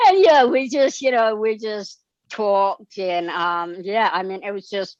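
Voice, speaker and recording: A male guest raised in Australia, telling stories in a casual interview, animated and giddy, acting out quoted lines. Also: sits high, unhurried, dry recording, highs cut off.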